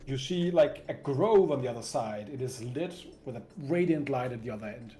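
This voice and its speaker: A man's voice: medium pitch, lively intonation, normal speed, dark tone, soft background music. A man running a tabletop game as game master, narrating with frequent hesitations and restarts. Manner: hesitant, many fillers and restarts.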